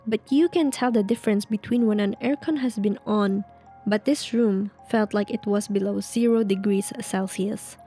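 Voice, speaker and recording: Woman narrator, mellow hushed read of spooky tales, faint music behind; casting for storytelling channel. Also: mid-range voice, normal speed. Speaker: narrator reading online stories. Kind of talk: reading a creepy story aloud, then commenting.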